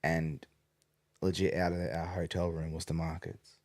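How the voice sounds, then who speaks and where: A man's voice: low-pitched, flat delivery, moderate pace, a little mellow. A man chatting casually as a podcast guest, rambling with lots of fillers and casual swearing. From Australia. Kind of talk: casual chat.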